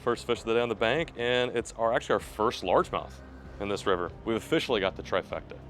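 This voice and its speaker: A young man hosting a fishing vlog from a rocky riverbank, chatting casually and breaking into excited shouts when fish show up. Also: lowish voice, fast, soft background music. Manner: excitable, bursts into loud yelling when fish appear. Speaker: fishing video host. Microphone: camera mic, filmed by a camera operator.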